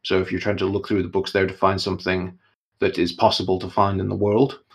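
A man running a tabletop role-playing game as game master, explaining locations and rules at an easy, measured pace. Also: sits low, monotone.

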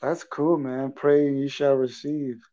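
A man's voice: mid-range voice, a little slow, lo-fi sound. A man appearing as a guest on a podcast, answering in short, easygoing, agreeable remarks. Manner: relaxed, agreeable, short replies. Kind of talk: casual chat.

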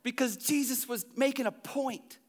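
A man who is a pastor, preaching a sermon in a church with dynamic delivery that swings from loud to hushed. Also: very high-pitched, moderate pace.

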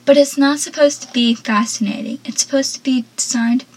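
Annoyed, studious teen girl read by a woman, slightly husky and high. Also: fairly even intonation, a little fast, rough recording.

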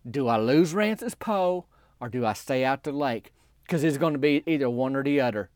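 A man's voice: medium pitch, animated, a little mellow, no echo, studio quality. Folksy man spinning a rambling yarn. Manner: rambling, folksy, drawn-out country storytelling. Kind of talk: deadpan comedic storytelling monologue.

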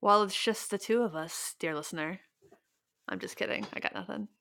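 A woman's voice: mid-range voice, fairly quick, vocal fry, fairly bright tone. Teasing young woman. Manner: teasing, playful. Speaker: podcast co-host. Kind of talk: casual podcast chat.

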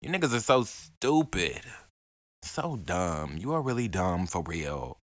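Profane ranting man, slow and lively. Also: low voice, no echo. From Alabama. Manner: profane, heated, mocking insults. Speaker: podcast host. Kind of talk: casual ranting monologue.

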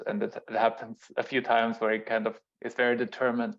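A man in a group discussion who comments and then reads aloud in a plain, measured way. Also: medium pitch, level tone. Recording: dull lo-fi audio.

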